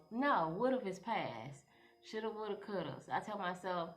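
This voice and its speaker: Young woman vlogging advice, kinda low voice, rambles with lots of you knows. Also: expressive, measured pace. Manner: rambling, with many "you know" fillers. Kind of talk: casual advice talk to camera.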